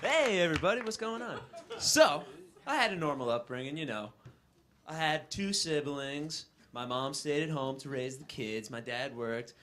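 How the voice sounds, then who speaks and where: A young man, a college student, doing a stand-up set in a wry, animated storytelling manner in front of a live audience. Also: fairly high pitch, moderate pace, some chatter behind. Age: young adult.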